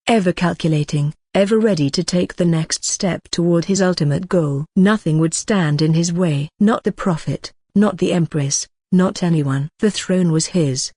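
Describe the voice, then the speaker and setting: A synthetic audiobook narrator reading fantasy prose in a steady, even storytelling manner at a middling pitch. The sound is dry and close to the microphone, with no room echo at all.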